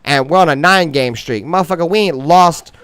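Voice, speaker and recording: A man's voice: fairly quick, clear, resonant tone, no echo. Brash, profane male sports host. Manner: swaggering, heavily profane slang; gets loud and high when worked up. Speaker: sports fan show host. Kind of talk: profane sports trash talk monologue.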